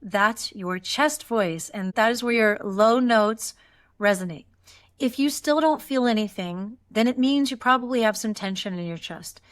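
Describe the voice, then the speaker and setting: A woman voice teacher talks a class through a guided vocal exercise in a calm, encouraging tone. She shows each step with sighs and yawns and walks the listener along. Her voice sits at an ordinary middle pitch for a woman.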